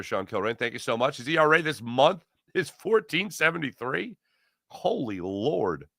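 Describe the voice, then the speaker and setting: A man hosting a live sports stream, chatting casually, reading viewer comments aloud and doing quick ad reads. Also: mid-range voice, sharp tone, no echo, studio quality. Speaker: sports show host.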